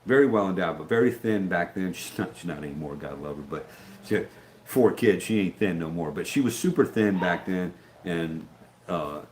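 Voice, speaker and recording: A man's voice: deep voice, animated, normal speed, slight background noise. An older man, chatting casually on his live stream, rambling with many fillers and restarts.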